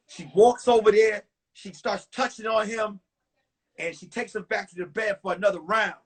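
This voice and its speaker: A young comedian tells his story with punchy, profane energy. His voice is husky, breathy, and sits high for a man. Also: fairly bright tone. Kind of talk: one-man stand-up storytelling on a live stream.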